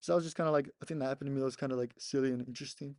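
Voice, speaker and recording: A man's voice: medium pitch, fairly even intonation, rapid-fire, a little mellow, no echo, studio quality. A young man casually telling a rambling story on a podcast, laughing often and swearing between many "like" fillers. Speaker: podcast co-host.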